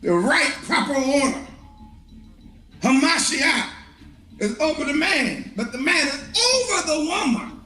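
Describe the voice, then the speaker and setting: A man preaching a street sermon, impassioned, often shouting and laughing as he swings between high and low. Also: very animated, a little slow, long pauses, reverberant, soft background music.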